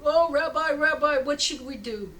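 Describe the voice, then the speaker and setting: Woman putting on a high, loud, despairing villager; over-the-top misery. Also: a little slow, recorded from a distance, slight background noise. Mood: wailing. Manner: high-pitched, wailing, melodramatic. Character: distraught poor village man, wailing complaints.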